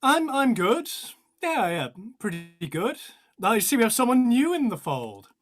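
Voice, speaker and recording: Brisk organizer keeping a rehearsal call on track, animated pitch. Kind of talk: comedy sketch rehearsal on a video call.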